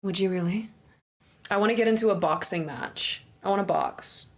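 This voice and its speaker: A woman's voice: mid-range voice, moderate pace. A young woman livestreamer chatting casually with her viewers, crude, joking and playful. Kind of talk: casual stream chat.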